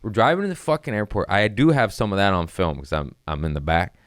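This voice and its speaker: A young man tells a wild story in a casual, profane way. His low voice leaps around with lively swings of pitch. The sound is dry and close. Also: fast talker, no room sound. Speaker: comedian podcast host.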